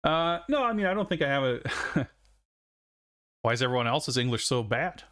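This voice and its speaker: A man's voice: mid-range voice, animated, moderate pace, a bit bright. A male streamer chatting casually with his viewers during a live game stream, musing and searching for words as he answers.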